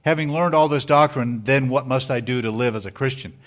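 With a medium-pitched voice, a male pastor delivers a sermon in a measured, earnest manner. He makes small restarts as he goes.

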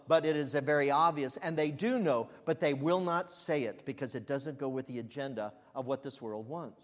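Emphatic male preacher in a reverberant hall. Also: a little high. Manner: emphatic preaching with frequent fillers and restarts, swelling to loud peaks. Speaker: pastor. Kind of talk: sermon.

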